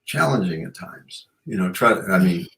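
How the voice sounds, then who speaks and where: A man's voice: sits low, lively intonation, normal speed, creaky, fairly bright tone, low-quality recording. A man hosting a radio show, chatting in a rambling, reflective way with many "you know"s. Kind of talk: casual chat.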